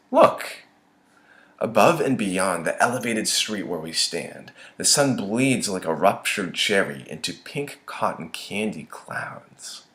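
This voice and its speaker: Brief: young male author reading his short story, low-pitched, lively and expressive. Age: young adult. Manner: expressive, dramatic swings in tone.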